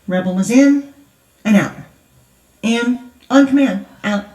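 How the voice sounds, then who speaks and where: Speaking slowly in a fairly high, darkish voice, a grandmother shares a storytelling testimony at a conference. She's chatty and laughs often, and the large church hall makes her sound far away and echoey.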